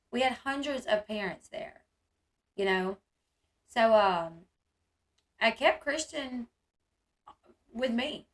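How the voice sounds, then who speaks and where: A woman's voice: on the high side, animated, normal speed, fairly bright tone. A woman, telling viewers a rambling family story, full of fillers and quoted dialogue. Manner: chatty, rambling, many fillers and quoted speech.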